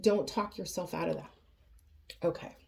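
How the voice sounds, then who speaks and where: A woman giving a tarot reading to her viewers, earnest and emotional, often pausing and restarting her sentences. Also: on the low side, fairly even intonation, creaky, darkish tone. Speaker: tarot reader.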